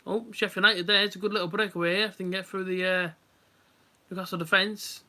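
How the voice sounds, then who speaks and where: The host is a young man casually addressing his stream audience while reacting to a live match, drifting from thought to thought. His high voice is bright and forceful, delivered flatly at a quick pace.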